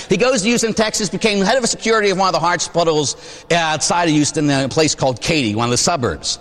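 A man's voice: on the high side, animated, fast talker, a bit bright. Priest in his forties preaching in an echoing church. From Pittsburgh. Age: 40s. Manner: conversational storytelling, frequent "huh?" asides. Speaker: Catholic priest. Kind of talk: sermon. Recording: long reverb of a church.

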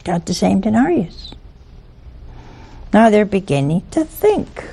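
A woman's voice: medium pitch, sing-song, slow, gravelly, long pauses, warm tone, slightly rough. A woman preaching a televised sermon in a folksy, teasing way, full of rhetorical questions to her viewers.

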